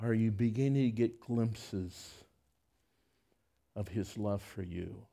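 Impassioned slow-talking preacher man. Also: fairly low pitch, gravelly. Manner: impassioned preaching, swinging from hushed to loud. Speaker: pastor. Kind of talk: sermon.

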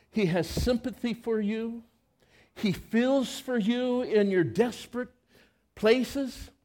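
Un pastore con voce alta e molto espressiva racconta una storia in chiesa, lentamente e con teatralità. Mima le scene mentre parla e poi passa alla preghiera. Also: male voice, very high-pitched, a little mellow. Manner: dramatic, acts out the scenes. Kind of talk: storytelling sermon. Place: church service.

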